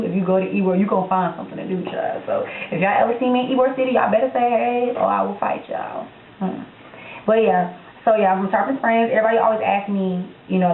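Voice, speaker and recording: A woman's voice: mid-range voice, slight background noise. A young woman from Florida with a Florida accent, talking bluntly and sassily to her viewers in a casual Q&A vlog, filmed on a handheld camera at home. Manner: blunt and sassy, speaks directly to viewers. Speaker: vlogger. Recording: echoey room, tinny phone-like sound.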